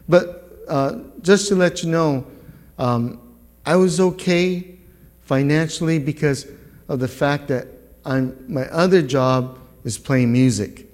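A middle-aged man shares his testimony before a church congregation, speaking very slowly and earnestly. He stumbles and repeats words as he goes, and his voice rings with the long reverb of a big hall. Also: on the high side. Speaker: guest speaker giving a testimony.

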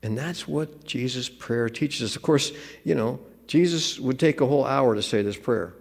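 A man preaching a sermon in a relaxed, conversational way, with joking asides. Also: medium pitch, normal speed, vocal fry, long reverb tail. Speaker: pastor.

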